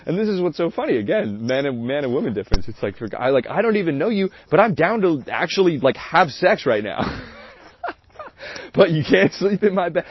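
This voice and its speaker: A man's voice: fairly high pitch, very animated, a little fast, breathy edge. A man hosting a stream, telling a story in a candid, rambling, profane way with frequent laughter. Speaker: host of a livestream. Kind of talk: casual storytelling. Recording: dull, dry lo-fi sound.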